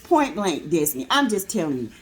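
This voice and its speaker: A woman's voice: fairly quick, faint music behind. A woman hosting a casual gossip recap of a reality show, chatty and sassy, with lots of fillers. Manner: chatty, sassy, filler-heavy, laughs, swoops up high when excited. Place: in her car.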